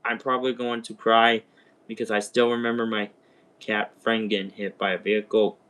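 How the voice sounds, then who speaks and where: A man voicing a tearful young man grieving a cat, speaking low and mopey, close to tears. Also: flat delivery, normal speed, a bit bright, lightly acted. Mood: sad.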